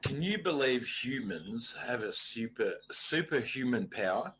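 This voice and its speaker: A man's voice: mid-range voice, animated, unhurried, fairly bright tone, slight background noise, poor audio. A man rambling and boasting in a casual group chat, swearing freely.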